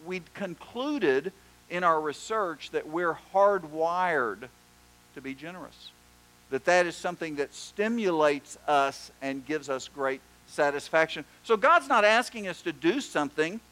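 A pastor preaching a sermon, telling stories and doing animated voices for the people in them. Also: male voice, on the high side, poor audio. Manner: storytelling, animated joke voices.

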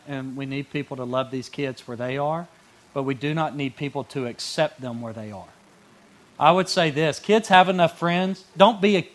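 A man, a youth pastor giving a conversational teaching talk to small group leaders, animated and folksy, blunt and confrontational, with frequent restarts. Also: fairly high pitch.

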